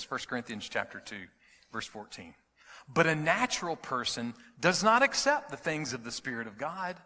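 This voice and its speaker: A man preaching a sermon as pastor, swinging from loud emphasis to a hushed whisper. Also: mid-range voice. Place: church sanctuary. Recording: hall reverb.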